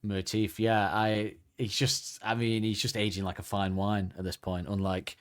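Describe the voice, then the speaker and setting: A man's voice: fairly low pitch, level tone, normal speed, clear, resonant tone, no echo, studio quality. A man hosting a podcast, chatting casually and rambling with lots of fillers. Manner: rambling, hesitant, many fillers. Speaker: podcast host. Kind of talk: casual chat.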